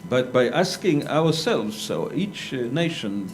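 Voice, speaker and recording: A male academic panelist answering a conference question in a measured, argumentative way, with hesitant restarts. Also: medium pitch, big pitch swings, slight background noise. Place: lecture hall.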